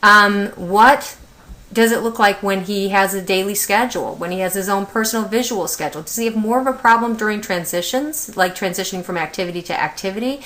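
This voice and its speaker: A woman's voice: mid-range voice, a little fast, a bit bright. A middle-aged woman, an autism specialist, giving a training lecture to teachers, talking conversationally with many fillers and rhetorical questions.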